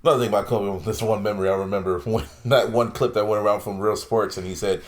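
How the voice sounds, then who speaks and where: A man co-hosting a casual sports podcast, relaxed and joking, often mimicking other people in exaggerated voices. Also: on the low side, fast talker. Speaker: podcast co-host. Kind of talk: casual chat.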